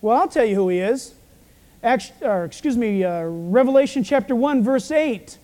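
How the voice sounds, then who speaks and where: A male pastor with a croaky, frog-like voice, preaching a sermon with storytelling asides. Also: extremely high pitch, expressive, moderate pace, a little mellow.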